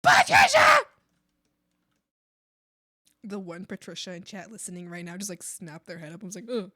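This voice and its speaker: A woman's voice: on the low side, steady tone, fast talker, no room sound, clean studio sound. A woman streamer chatting casually with her chat, playful and teasing, laughing often into a desk mic. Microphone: desk microphone.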